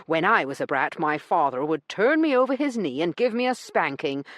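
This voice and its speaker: A stern, blunt gentleman, read by a woman narrator, who lectures and needles with dry sarcasm. The voice stays low and firm yet moves a lot in pitch. It is recorded close and dry, as in an audiobook booth. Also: big pitch swings, normal speed, dry recording. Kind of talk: audiobook character reading.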